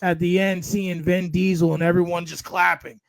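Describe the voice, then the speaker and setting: Young male podcast co-host, high pitch, dry close mic, rambling casual sports talk. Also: level tone, normal speed, creaky, no room sound, low-quality recording. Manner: rambling, repeats words.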